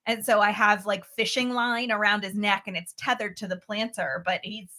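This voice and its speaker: A woman's voice: mid-range voice, steady tone, moderate pace, pushed and bright. A woman co-hosting a casual podcast, adding wry, joking asides. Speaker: podcast co-host.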